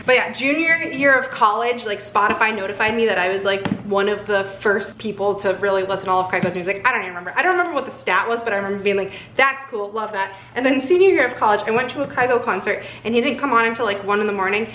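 A woman in her twenties vlogging casually to camera at home, excitable and gushing, with lots of fillers. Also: mid-range voice, very fast, hardly any pauses, a little hiss or hum. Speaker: lifestyle vlogger. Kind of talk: casual vlog talk to camera. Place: apartment, indoors. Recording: echoey room.

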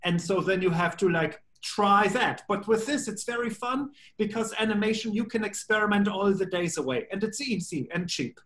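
A man with a German accent, answering interview questions in a playful, jokey way with deadpan asides. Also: sits high, normal speed, hardly any pauses. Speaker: voice actor being interviewed. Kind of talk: casual video-call interview.

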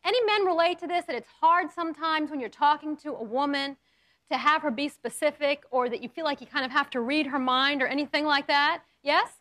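A woman hosting a studio talk show, coaching her audience in a lively, playful way with acted examples. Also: high-pitched, brisk. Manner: animated, coaching, playful role-play demos.

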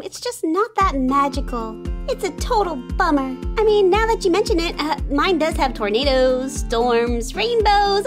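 A woman voicing a playful cartoon family of excitable kids who talk in a giddy, exclaiming way. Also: high-pitched.

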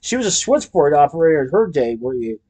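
A man's voice: a little high, very animated, quick pace, mellow. Brash, bossy woman plumber, voiced by a male reader; storybook. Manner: brash, protective.

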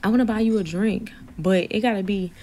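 A woman imitating a pushy man at a bar who flirts in a casual, smooth-talking way. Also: medium pitch, fairly quick, warm tone, voice pushed up, natural voice.

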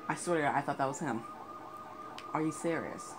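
A man's voice: fairly high pitch, fairly quick, pauses often. A man playing through a video game and commenting, often frustrated and swearing at it. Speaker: gamer. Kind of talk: let's play commentary. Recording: noisy game audio with sirens. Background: police sirens and game sounds.

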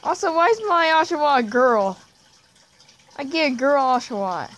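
A woman giving casual, chatty commentary while playing a game, giggling often and trailing off quietly at the ends of sentences. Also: sits high, animated, normal speed. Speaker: gameplay vlogger.

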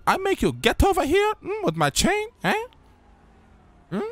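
A pushy, crude cabbie in a game role-play, with a very high voice that leaps all over the place. He swears in every line, fires off words quickly and keeps prodding with a nasal-sounding "hmm?". The sound is close and dry, with no room around it. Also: huge pitch swings, a bit bright, no room sound, exaggerated voice. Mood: leering. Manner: crude, swears constantly, tags lines with "man" and "hmm?". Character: brash foul-mouthed male taxi driver, pushy flirt. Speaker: streamer playing a taxi driver.

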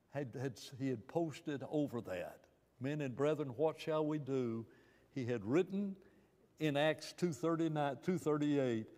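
A man's voice: on the high side, mellow, long reverb tail. A man preaching in a church Bible class, emphatic, asking rhetorical questions and often restarting his phrases. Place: church room.

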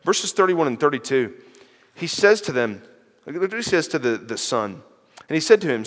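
A man giving an animated sermon-style lecture, retelling a parable and voicing its characters, with fillers and restarts. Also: on the high side, moderate pace. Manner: animated, acts out the parable's characters in quoted voices. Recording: long hall reverb.

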